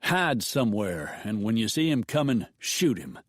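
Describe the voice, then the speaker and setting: A man's voice: on the low side, big pitch swings, normal speed, no echo, clean studio sound. A man voicing a scheming male boss who gives curt orders. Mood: commanding.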